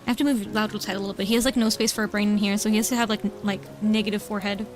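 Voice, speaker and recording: Drawing on stream at home, a young woman vtuber chats away with her viewers and coos at her cat in baby talk. Her mid-range voice keeps a steady tone but races along over music, bubbly and talkative.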